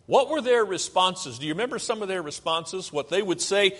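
Male preacher, somewhat high voice, teaching a sermon with questions to the pews, long reverb of a church hall. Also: expressive, brisk, a bit bright. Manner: asks the congregation questions and answers them himself. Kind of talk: sermon with slides. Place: church sanctuary.

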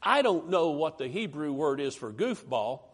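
A preacher man with a drawl, talking to his congregation in a loose, conversational sermon. His voice sits high and swings widely up and down as he drives his points home. He reads scripture aloud with mounting emphasis. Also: sing-song, moderate pace, slightly rough.

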